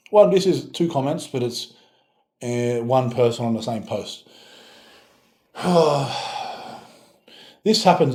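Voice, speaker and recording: A strength coach with a mellow, mid-range voice chats casually in a reaction video, responding sarcastically to comments and mock-scolding playfully. The room is roomy and echoey.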